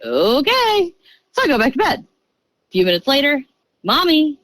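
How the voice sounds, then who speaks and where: A woman in her thirties, a podcast guest telling a story in a casual, chatty way, jumping into quick bursts and acting out the voices she quotes. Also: sits high, dry recording, rough recording. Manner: animated, acts out voices and quoted lines.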